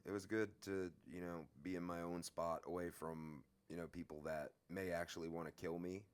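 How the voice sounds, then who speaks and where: A man telling a story from his own life in a casual, profane, lively way. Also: low-pitched, moderate pace, clean tone.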